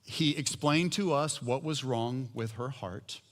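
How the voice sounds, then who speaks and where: A man's voice: mid-range voice, slow. A middle-aged man preaching a sermon, telling a personal story in a conversational, humorous way. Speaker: pastor. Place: church sanctuary. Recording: long hall reverb.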